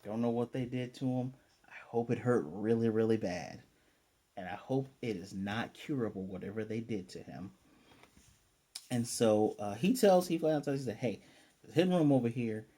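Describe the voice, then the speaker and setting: Mellow-voiced man recapping an anime. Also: medium pitch, normal speed. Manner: animated retelling, acting out character lines. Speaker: anime reviewer. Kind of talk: casual episode recap.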